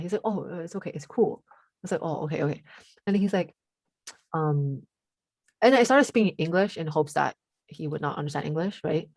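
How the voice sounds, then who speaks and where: A teenage girl with a deep voice, chatting casually as a podcast co-host and telling a story, full of fillers and switching into Cantonese now and then. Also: lively intonation, a little fast, pauses often, a little mellow, no room sound. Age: teens. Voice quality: deep voice for a woman.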